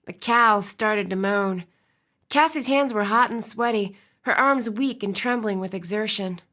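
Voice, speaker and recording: A woman's voice: mid-range voice, unhurried, bright, forceful tone. Woman narrating a romance audiobook. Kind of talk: scripted narration.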